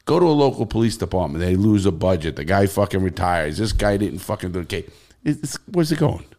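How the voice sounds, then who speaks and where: A man whose voice sits low and moves a little fast tells stories on a podcast. Middle-aged with a New York accent, he's blunt and animated, cursing freely and profanely in casual interview storytelling.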